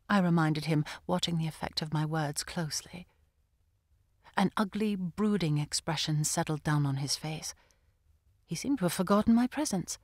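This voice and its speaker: A woman narrating an audiobook in the first person, with a measured, unhurried reading. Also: lowish voice, no echo, clean studio sound.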